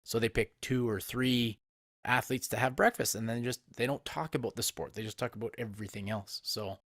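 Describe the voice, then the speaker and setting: Co-host: male assistant coach, chatty and animated, mid voice, dry recording. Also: mid-range voice, brisk, dry recording. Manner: laughs easily, chatty and animated. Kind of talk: casual podcast conversation.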